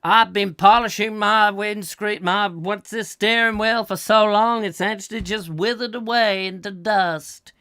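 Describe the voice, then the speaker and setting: Guy doing a cheery high old dad voice, bright and dry. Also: steady tone, a little slow, few pauses, clear, resonant tone, no room sound, exaggerated voice. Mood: hearty. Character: jolly old dad in a comic skit.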